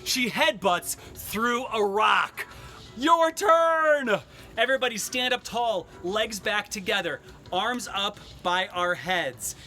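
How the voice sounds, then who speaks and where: A cheery man with a high, bright voice leads a workout class at an unhurried pace. He mixes cues with puns, and faint music plays behind him. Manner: upbeat, cheery, cracks puns. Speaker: fitness instructor. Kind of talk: live-streamed workout class with jokes. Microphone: camera mic he adjusts.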